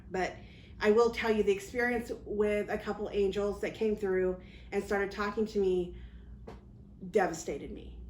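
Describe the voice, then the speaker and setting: A woman psychic medium recounts her own experience in loose, rambling speech full of restarts and fillers. Her voice sits at a middling pitch, and the recording is roomy with faint background noise. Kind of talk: casual personal storytelling.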